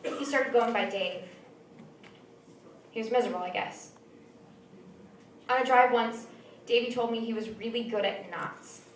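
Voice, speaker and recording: Young woman, author reading her own prose live; measured and dry; distant mic in a roomy venue with faint ambience. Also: a little high, slight background noise. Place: small venue.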